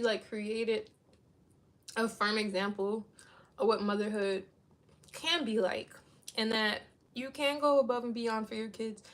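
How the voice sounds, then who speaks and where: A woman in her thirties chatting casually to her viewers, rambling and saying "like" a lot. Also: a little high. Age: 30s. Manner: rambling, heavy use of "like". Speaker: vlogger.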